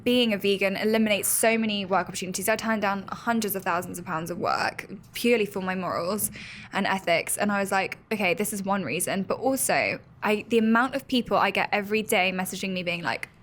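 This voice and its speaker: Young woman on a podcast, blunt and candid, swears casually, normal pitch. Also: brisk, a bit bright, a little hiss or hum. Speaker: podcast guest. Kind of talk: casual interview chat.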